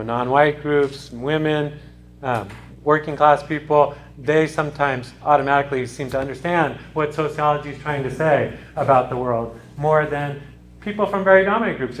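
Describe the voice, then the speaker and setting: Man lecturing, slightly high voice. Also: fairly bright tone. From United States. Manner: conversational, with frequent restarts and asides. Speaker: sociology lecturer. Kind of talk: classroom lecture.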